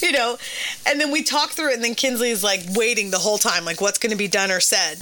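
A woman's voice: fairly high pitch, fairly even intonation, fast, pushed and bright, a little hiss or hum. A woman in her thirties, a mother, chatting casually on a phone call and telling a story with lots of laughter.

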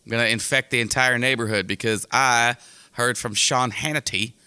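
A man's voice: medium pitch, fairly even intonation, moderate pace, pushed and bright, clean tone. A man co-hosting a podcast in casual comedic banter, rambling and cutting himself off on jokey tangents. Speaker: podcast co-host.

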